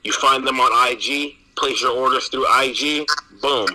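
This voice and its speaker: A man's voice: medium pitch, steady tone, normal speed, background noise. A man from San Jose co-hosting a podcast, talking in laid-back slang and reading sponsor plugs casually. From east side San Jose, US. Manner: laid-back slang, "you know what I'm saying". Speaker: podcast co-host.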